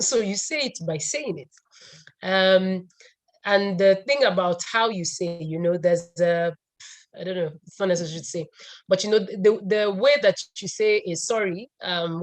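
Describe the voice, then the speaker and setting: A woman pharmacist answering on a video call, chatty and repeating her points. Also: mid-range voice. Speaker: pharmacist panelist.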